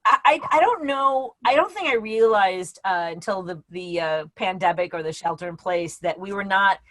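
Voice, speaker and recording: A woman's voice: mid-range voice, lively intonation, normal speed, a bit bright. A woman in her forties doing a brash, self-mocking stand-up set over a video call from home. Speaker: stand-up comedian. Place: home, before a green screen.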